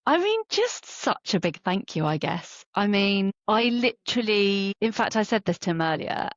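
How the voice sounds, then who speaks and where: A woman's voice: medium pitch, creaky, dry recording, lo-fi sound. A woman who works as a teacher and choreographer, talking as a podcast guest in a chatty, heartfelt way with many fillers. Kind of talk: casual interview chat.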